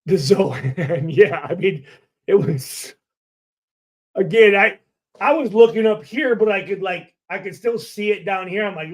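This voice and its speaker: A man's voice: high-pitched, measured pace. A middle-aged man hosting a casual livestream, telling stories with lots of swearing and laughter. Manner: profane, laughing storyteller. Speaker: livestream host, former player.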